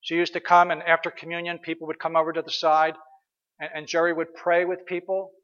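A man's voice: fairly high pitch, little pitch movement, brisk, fairly bright tone, highs cut off. A man preaching a sermon as pastor, earnest and questioning, sometimes hesitating and restarting.

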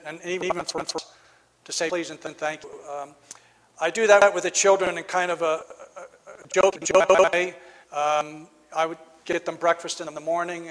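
A man with a high voice delivers a reflective sermon, pausing and restarting his phrases as he thinks aloud. His voice rings out with a long reverb, as if he were in a large hall. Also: fairly bright tone. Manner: reflective, halting with frequent restarts. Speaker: preacher.

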